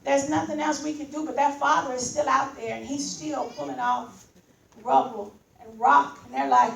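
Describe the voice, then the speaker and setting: A woman preacher tells a story as a sermon, building into loud, sing-song preaching. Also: sits high, fairly even intonation, moderate pace, creaky. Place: church. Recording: echoey church room from far off.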